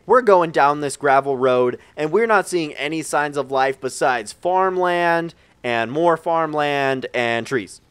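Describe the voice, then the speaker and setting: A man's voice: mid-range voice, smooth. A young man telling a rambling, profane story in a casual storytime video, talking straight to his viewers. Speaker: gaming channel storyteller. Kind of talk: casual storytime over gameplay.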